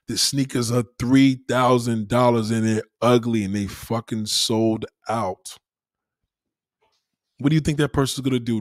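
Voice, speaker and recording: A man's voice: mid-range voice, fairly even intonation, a little slow, dry recording, clean studio sound. A man delivering a profane, emphatic ranting monologue full of rhetorical questions, talking to a livestream audience.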